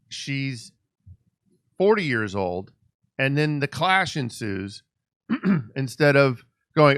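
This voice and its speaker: Animated male podcast host, dry sound. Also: medium pitch, slow, long pauses, dry recording. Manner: animated storyteller who acts out quoted dialogue. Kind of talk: conversational interview storytelling. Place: Los Angeles.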